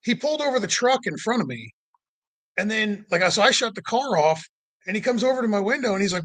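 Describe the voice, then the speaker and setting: A man relates a lengthy road trip story casually and fast, his high, fairly bright voice swinging widely in pitch on a dry recording. It's rambling and full of "like" and "you know," with quoted people acted out in a rising voice.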